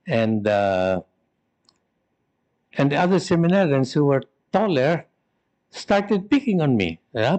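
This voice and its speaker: Joking Filipino priest telling stories. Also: male voice, a little high, very animated, slow, long pauses, a little mellow, highs cut off. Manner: humorous, self-mocking, conversational. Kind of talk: storytelling talk on forgiveness.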